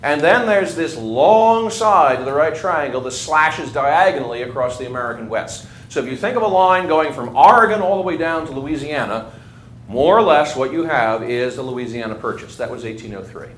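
Man lecturing a class, conversational, quizzes his listeners, animated pitch, roomy echo, faint background hiss. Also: normal speed. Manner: lively, conversational, asks the class questions. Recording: echoey room, faint ambient noise.

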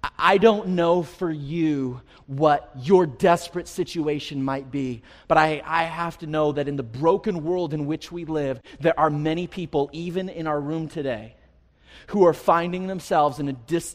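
A man's voice: a little high, a little slow. A man preaching a sermon as pastor, earnest and building intensity through repeated phrases, in a church. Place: church sanctuary. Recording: long hall reverb.

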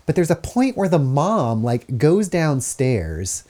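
A man's voice: on the high side, takes it slowly. A man hosting a podcast, recapping a horror film in a casual, joking way and acting out the characters. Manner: animated, joking, acts out characters. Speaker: podcast host.

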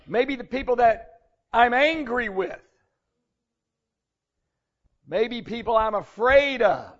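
Casting: male pastor, fairly high voice, earnest conversational sermon, slightly muffled recording. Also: lively intonation, takes it slowly, long pauses. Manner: earnest, conversational preaching with rising emphasis.

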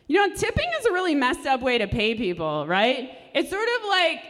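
A young woman with a fairly high, very lively voice works through a stand-up comedy set in a dry, sardonic way. Her voice rings with a long reverb from the live room she performs in. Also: fairly quick. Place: performance space at a live show.

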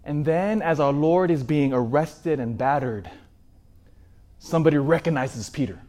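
A man preaching a sermon in an animated way, asking his listeners rhetorical questions. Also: a little high, measured pace.

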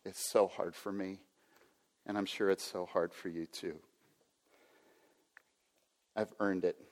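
A man's voice: deep voice, flat delivery, moderate pace. A man in his sixties preaching a sermon, earnest, now and then acting out a self-important inner voice. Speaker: pastor. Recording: reverberant hall.

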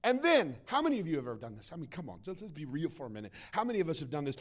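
A man preaching a sermon to a church congregation, swinging between loud acted-out quotes and quiet, low asides. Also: huge pitch swings, very fast, hardly any pauses. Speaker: pastor.

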